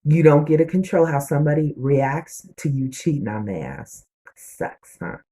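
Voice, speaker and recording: Husky-voiced woman recapping a TV episode. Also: sits low, moderate pace. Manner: animated storytelling with slang and asides. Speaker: TV show reviewer.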